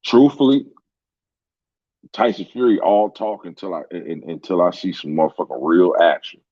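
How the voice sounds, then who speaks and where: A man with a very low, deep voice rants about sports in a heated, profane way. The sound is dry and close, with a dull, lo-fi quality. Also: animated, normal speed, a little mellow, dry recording. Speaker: sports commentator. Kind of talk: casual rant.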